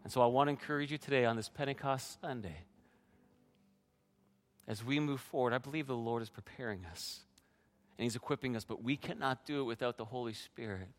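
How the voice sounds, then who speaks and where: A man's voice: mid-range voice, brisk. A man preaching a sermon as pastor, sharing his own testimony in an earnest way and speaking directly to the congregation.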